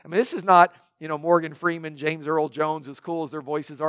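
A man's voice: on the high side, steady tone, a little fast, fairly bright tone, clean tone, no echo. Joking conversational male preacher. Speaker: pastor. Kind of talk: sermon.

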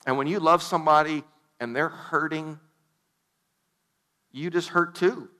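A male pastor delivering a sermon, his voice a little high and strikingly bright. He reads scripture aloud and breaks into casual, joking asides. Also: a little slow. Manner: conversational, with humorous asides.

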